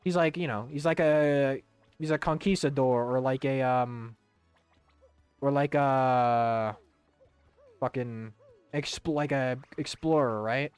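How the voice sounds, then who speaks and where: A man's voice: medium pitch, steady tone, slow pace, pauses often, darkish tone, smooth, dry recording, faint music behind. A young man casually streaming a video game, rambling, swearing and humming to himself. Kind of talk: casual gaming stream chat.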